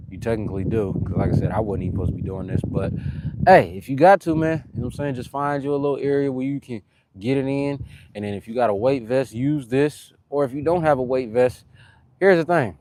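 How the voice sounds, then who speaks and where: A young Californian fitness streamer with a Californian accent talks in slang through a live workout, shouting out viewers and getting a bit winded between sets. His mid-range voice moves fairly quickly over a noisy background.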